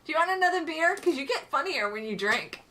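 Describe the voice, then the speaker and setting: A chatty middle-aged woman on a relaxed live stream, teasing and laughing as she talks. Her voice is bright and clear, set fairly high for a woman. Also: brisk. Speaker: co-host of a live motorcycle chat. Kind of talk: casual live-stream chat.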